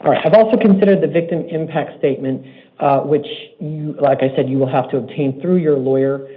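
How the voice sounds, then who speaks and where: A man presiding as a judge, speaking in a measured, stern and deliberate way at a court hearing. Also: fairly high pitch. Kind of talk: formal courtroom proceedings. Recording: tinny phone-like courtroom audio.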